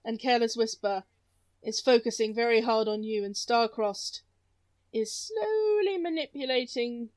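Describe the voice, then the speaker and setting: A woman with a high-pitched voice runs a tabletop game as its game master. She narrates casually, laughs often and now and then stops to search for a word. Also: measured pace, darkish tone.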